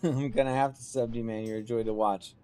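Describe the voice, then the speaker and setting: A man's voice: medium pitch, fairly even intonation, fairly quick, warm tone, clean tone. A man livestreaming a game, chatting casually with viewers in a self-deprecating, laughing way, wearing headphones at a desk mic. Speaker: streamer.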